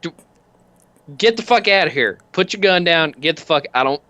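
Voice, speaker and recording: A surly biker gang leader who threatens and curses through every line, as a game master puts him on. The voice is forceful and bright, recorded dry and close. It sounds like a tabletop game scene. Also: male voice, fairly high pitch, animated, moderate pace, dry recording. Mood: exasperated. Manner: gruff, threatening, swearing constantly.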